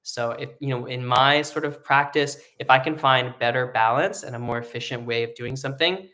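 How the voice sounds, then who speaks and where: A man's voice: mid-range voice, a little fast. A man leads a live online singing lesson, talking it through loosely with frequent ums and likes. His speaking voice sits in a middle range. He sounds easygoing and conversational as he explains. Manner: relaxed explaining with many fillers, breaking into sung vocal demos. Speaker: singing teacher.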